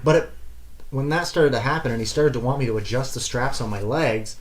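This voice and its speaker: A young man co-hosts a casual podcast and tells a personal story. He speaks at a middle pitch and keeps the telling lively and animated. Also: fairly quick, a little hiss or hum. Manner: animated, laughs often, acts out shouted quotes. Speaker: podcast co-host.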